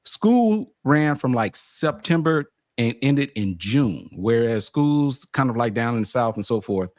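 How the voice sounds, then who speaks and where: A man from California telling a story in casual podcast chat, animated and emphatic, insisting he is not making it up. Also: mid-range voice, unhurried, no room sound, clean studio sound. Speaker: sports podcast roundtable co-host.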